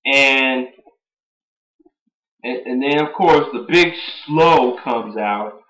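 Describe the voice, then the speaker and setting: Young man, casual rambling recap, excitable, mimics quotes, roomy echo. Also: mid-range voice, very slow, a little hiss or hum. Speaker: wrestling show reviewer. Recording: echoey room.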